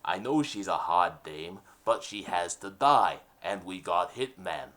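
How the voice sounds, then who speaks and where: Brief: 1930s mob boss, deep and slow, menacing, put on by a man. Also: animated, noisy background. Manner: slow, low, commanding.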